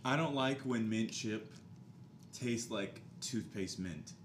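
A man's voice: on the low side, takes it slowly, a little hiss or hum. A man co-hosting a podcast, talking casually and a bit impatiently, swearing offhand. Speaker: podcast co-host. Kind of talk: casual chat, ice cream tasting. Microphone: desk mic.

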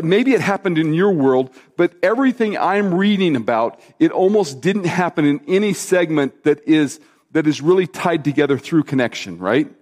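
A pastor preaching a relaxed, conversational sermon live in church, full of fillers and repeated phrases. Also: male voice, on the high side. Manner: chatty, loose, repeats himself, many fillers. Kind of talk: casual spoken sermon to a live congregation. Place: church service, sanctuary.

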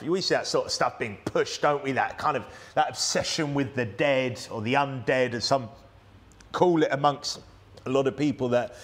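A man with a British accent delivers a sermon in a church. He talks in a loose, conversational way, often restarting sentences and tossing in tag questions. His voice sits at a middling pitch. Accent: British English. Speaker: preacher. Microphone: plugged-in microphone.

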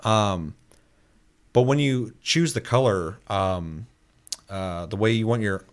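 A man in casual chat, loose and profane, rambling with lots of fillers and quick mimicked asides. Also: fairly low pitch.

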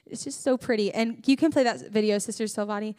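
A young woman giving a sermon, telling a story in a chatty, animated way with lots of filler words. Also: mid-range voice, fast talker, no room sound, studio quality. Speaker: church speaker.

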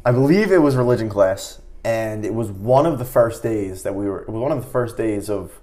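A man hosting a casual chat, upbeat and animated as he retells a story. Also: on the low side, a little fast.

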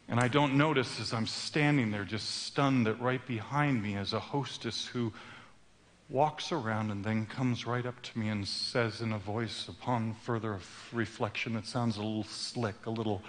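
A man's voice: mid-range voice, sharp tone. A man preaching, telling a story dramatically and slipping into character voices. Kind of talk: sermon with acted storytelling. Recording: long hall reverb.

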